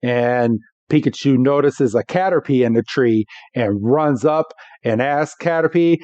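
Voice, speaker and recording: A man co-hosting a podcast who recaps a cartoon episode in a casual, animated way and laughs as he goes. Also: medium pitch, unhurried, few pauses, no echo, highs cut off. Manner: animated, laughs while he talks. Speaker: podcast co-host.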